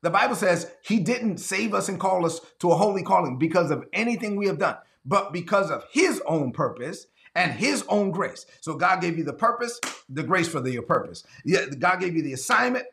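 A man delivering an emphatic sermon as a pastor, his voice sitting a little higher than most men's. He slows down to press home key words and repeats phrases for effect. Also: lively intonation, gravelly, a bit bright.

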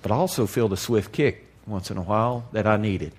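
A man preaching to a congregation in a candid, folksy way, dropping to a hush and then rising to loud emphasis. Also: lowish voice, fairly quick, a little hiss or hum. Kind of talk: sermon.

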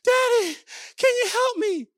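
A man's voice: very high-pitched, expressive, a little slow, fairly bright tone, dry recording, studio quality, voice pushed up, heavily acted. A man imitating his small daughters, pleading breathlessly and urgently for help. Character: breathless little girls begging their dad for help.

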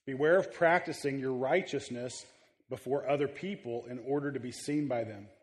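A man preaching to his church in an easygoing, halting manner, often stopping and restarting mid-thought. His voice sits at an ordinary middle pitch. Long reverb from the large hall trails after his words. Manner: conversational, halting with many fillers and restarts. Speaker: pastor. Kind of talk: sermon. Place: church sanctuary.

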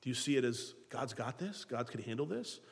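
Animated preaching man in a reverberant hall. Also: mid-range voice, fairly quick, vocal fry. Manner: animated preaching, acting out biblical dialogue. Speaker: pastor. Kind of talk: sermon.

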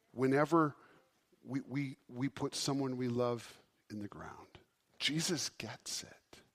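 A man preaching a sermon as pastor, impassioned, swinging from loud emphasis down to a soft hush. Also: mid-range voice.

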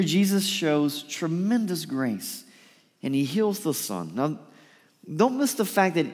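A man preaching a sermon, lively and emphatic, sometimes dropping to a soft pleading voice to act out a quote. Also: fairly high pitch. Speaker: pastor. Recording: reverberant hall.

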